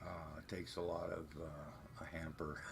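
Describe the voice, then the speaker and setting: A man whose voice is extremely low hosts a livestream from home, off camera, with background noise in the recording. His chat is rambling, meandering and profane.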